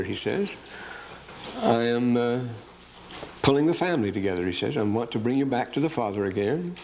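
A man giving an unscripted lecture on scripture, often losing his place, correcting himself and reading verses aloud with slow emphasis. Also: mid-range voice, darkish tone, a little hiss or hum, rough recording.

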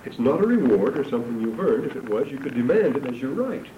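A man's voice: medium pitch, very animated, fast, highs cut off. Older man lecturing from a distance, roomy. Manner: digressive, anecdotal, dry humor. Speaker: religion lecturer. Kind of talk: classroom lecture on scripture. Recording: roomy distant lecture recording with background noise.

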